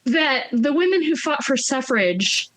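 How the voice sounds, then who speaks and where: A woman tells a story on a casual podcast. She is animated, acts out each person she quotes and laughs often as she goes. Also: high-pitched, unhurried, background noise. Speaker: podcast co-host.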